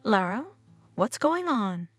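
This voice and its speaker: A woman's voice: mid-range voice, very animated, slow pace, soft background music. A woman reading the lines of a dazed, grieving middle-aged widower in a storybook narration. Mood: shocked.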